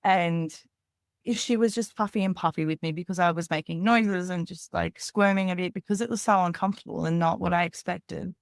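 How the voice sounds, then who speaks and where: Low gravelly woman telling her story. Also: steady tone, fairly quick, dry recording. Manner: candid, rambling, peppered with "like". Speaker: podcast guest. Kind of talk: personal storytelling in an interview.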